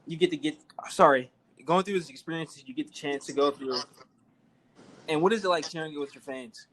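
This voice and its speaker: A man's voice: a little high, a little fast, fairly bright tone. A teenage boy with a slightly raised voice hosts a casual podcast interview. He asks his questions loosely and restarts phrases now and then as he goes. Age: teens. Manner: easygoing questions with small restarts. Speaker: podcast host.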